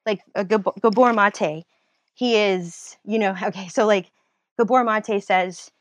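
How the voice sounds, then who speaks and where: An animated woman chatting as an interview guest, mid-pitched and talkative. She laughs easily and often restarts her sentences. The recording is dry and close, with no room sound. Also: unhurried, no echo. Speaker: guest, nurse and writer. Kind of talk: casual conversational interview.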